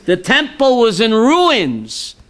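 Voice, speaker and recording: A rabbi with a high, bright voice gives an informal class. He jokes and tells stories and keeps checking in with the room by asking "right?". His punchlines are sometimes shouted. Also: huge pitch swings, takes it slowly.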